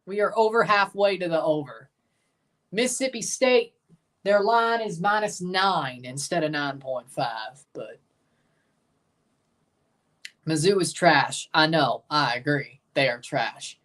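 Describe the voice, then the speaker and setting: A woman hosting a live game watchalong, giving chatty, blunt reaction commentary and bursting into excited cheers. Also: low voice, takes it slowly, long pauses, far from the mic. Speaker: livestream watchalong host.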